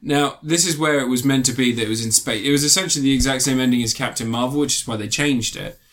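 A man's voice: mid-range voice, quick pace, a bit bright. A man animatedly recapping a film in casual chat, swearing and laughing often.

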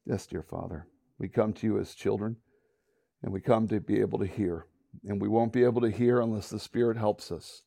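Animated male preacher, dry close sound. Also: on the low side, brisk, creaky, no echo. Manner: animated storytelling, acting out voices, then hushed prayer. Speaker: pastor. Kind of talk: sermon with acted-out Bible story and prayer.

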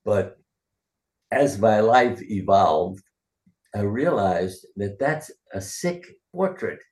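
Speaking as an interview guest, this older retired surgeon spins rambling, casual stories and performs the quoted lines. His fairly low voice is expressive and darkish, moving slowly through a spacious, echoing room.

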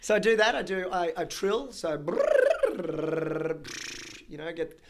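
A man in his thirties with an Australian accent, a chatty, energetic auctioneer telling stories in a podcast interview. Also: high voice, brisk, very noisy. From Brisbane, Australia. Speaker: auctioneer guest.

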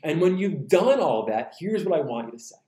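A man preaching a sermon in an animated way, acting out quoted voices and slowing down for emphasis. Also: a little high, reverberant. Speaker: pastor.

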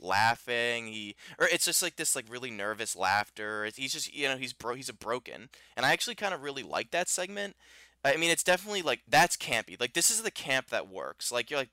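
A man's voice: mid-range voice, pushed and bright, smooth, no room sound. A man co-hosting a podcast, chatting casually and animatedly about a film, rambling with many restarts. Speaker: podcast co-host. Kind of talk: casual film review chat.

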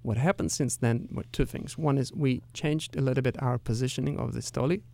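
A man's voice: medium pitch, fairly quick, gravelly, warm tone. A man answering radio interview questions as a company executive, careful and hesitant, with frequent restarts.

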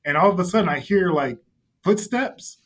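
Male podcast guest, slightly high voice, animated storyteller with frequent laughs. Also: normal speed. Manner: animated storyteller, laughs often, many fillers. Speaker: youth ministry leader, podcast guest. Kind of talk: casual podcast chat, storytelling.

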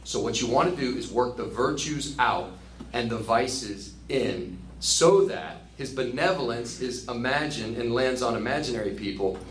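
A man leading a casual book study, chatty and animated, laughing at his own jokes. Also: medium pitch, moderate pace, a little hiss or hum. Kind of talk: casual teaching commentary. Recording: roomy with faint ambience.

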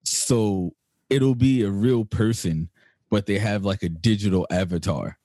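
A man's voice: lowish voice, a little slow, mellow, dry recording. A man co-hosting a podcast, telling stories in loose slangy casual chat with lots of filler. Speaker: podcast co-host.

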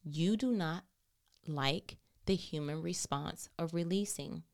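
A woman's voice: deep voice, slow pace, creaky, darkish tone. A woman hosting a faith-based motivational talk, earnest and encouraging, asking rhetorical questions. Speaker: host.

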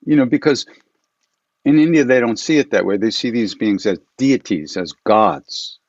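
A man who leads chanting, telling stories in a relaxed, rambling way with frequent laughs, from his home for an online event. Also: on the low side, moderate pace, husky, no room sound, highs cut off. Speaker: chant leader. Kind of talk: casual storytelling to an online audience. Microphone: computer mic for an online event.

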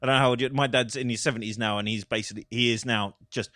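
A man's voice: mid-range voice, fairly even intonation, rapid-fire, sharp tone, no room sound, clean studio sound. Middle-aged man, stammering comic banter. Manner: repeats words before a point, swears freely.

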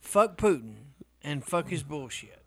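A man's voice: fairly high pitch, sing-song, measured pace, a bit bright, husky. A man co-hosting a podcast, indignant and swearing freely in crude casual banter. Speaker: podcast co-host.

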